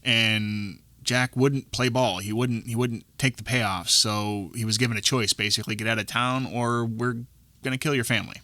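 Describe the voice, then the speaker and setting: A man's voice: medium pitch, steady tone, normal speed, pushed and bright, dry recording. A man co-hosting a podcast, talking casually about a film in a rambling way with lots of restarts. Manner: rambling, restarts often, quotes lines from the film. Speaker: podcast co-host.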